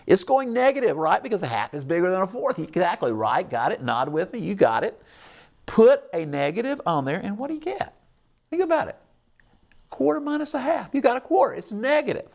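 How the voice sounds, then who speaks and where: Middle-aged male TV math teacher, upbeat and coaxing, slightly high, gravelly voice. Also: sing-song, fairly quick, darkish tone. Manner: upbeat, coaxing, checks in with viewers often. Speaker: math teacher hosting a call-in show. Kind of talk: televised math lesson.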